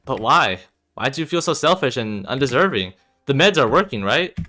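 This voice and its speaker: A man's voice: mid-range voice, very animated, moderate pace, sharp tone, faint music behind. A man reading aloud as an emotional young woman who is a devoted best friend, pleading with a voice that rises when she is upset. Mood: anxious.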